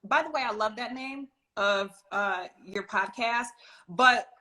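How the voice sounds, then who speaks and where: A woman's voice: a little high, measured pace, pushed and bright. A woman hosting an interview, affirming her guest often, laughing along and asking loose, rambling questions. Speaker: interview host. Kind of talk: casual interview chat.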